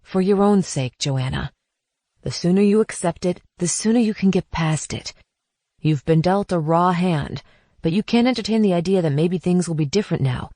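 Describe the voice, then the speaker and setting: A woman's voice: on the low side, animated, moderate pace, warm tone, dry recording, studio quality. A woman narrator voicing a blunt, pushy middle-aged female friend in an audiobook. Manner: frank, pushy.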